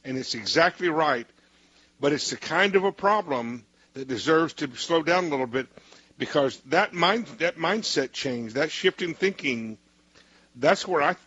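A man's voice: mid-range voice, bright, forceful tone, breathy edge, no echo, highs cut off. A male host interviewing a guest, rambling with many restarts and cutting in. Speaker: show host.

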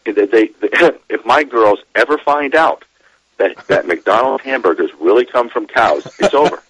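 A middle-aged man, a demographer, talking as a guest on a radio show, animated and laughing as he explains. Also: mid-range voice, measured pace, slightly rough, dry recording, low-quality recording. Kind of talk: radio interview.

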